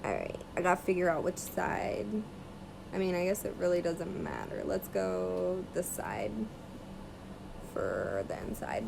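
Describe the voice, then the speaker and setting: A woman's voice: fairly low pitch, very animated, a little slow, creaky, background noise. A woman with a British accent chatting casually on a livestream at home, answering viewers' comments while she works on a craft. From Chile. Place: at home, partly in a yard.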